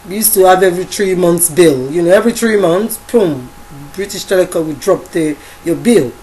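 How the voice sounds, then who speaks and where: Halting Nigerian woman telling a story. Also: lowish voice, lively intonation, warm tone, slight background noise, rough recording. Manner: halting, many fillers and restarts, quotes others in dialogue. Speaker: activist recounting events. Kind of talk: casual spoken storytelling.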